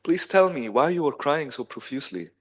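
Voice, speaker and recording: Guy doing a puzzled divine lord asking questions, lifts pitch a bit. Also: expressive, a little fast. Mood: bewildered. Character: Krishna, a bewildered divine lord.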